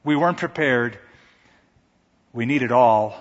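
A man playing a gentle male hospital doctor who speaks quietly and solemnly. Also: mid-range voice, unhurried, lightly acted. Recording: echoey hall, dull lo-fi sound.

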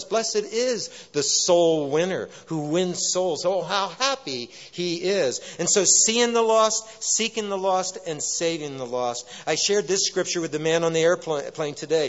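Earnest high-voiced male pastor preaching. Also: big-room sound, highs cut off. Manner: earnest, emphatic preaching with repeated phrases. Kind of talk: sermon.

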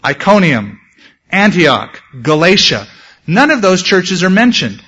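A male pastor preaching a sermon, telling stories with lively asides and acting out quotes. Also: sits high, a little slow, slightly rough. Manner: animated storytelling, shouts acted quotes. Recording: dull lo-fi sound.

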